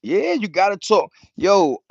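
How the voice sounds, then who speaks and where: A man's voice: sits high, big pitch swings, unhurried, no room sound, highs cut off. A man vlogging in a casual, slangy, rambling way, chatting loosely to his viewers from home. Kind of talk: casual chat to camera. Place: at home with plants and a cat.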